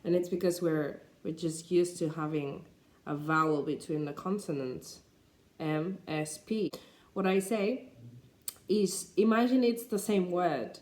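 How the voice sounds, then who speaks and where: Spanish-accented woman teacher, slow and echoey. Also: lowish voice, a little mellow. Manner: unhurried, with many fillers and restarts. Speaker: English teacher. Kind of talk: explaining pronunciation tips.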